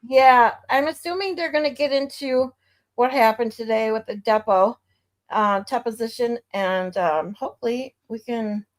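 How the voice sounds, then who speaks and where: A woman's voice: on the high side, moderate pace. A woman from Michigan hosting a livestream, chatting casually and laughing easily. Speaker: livestream host. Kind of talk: casual chat.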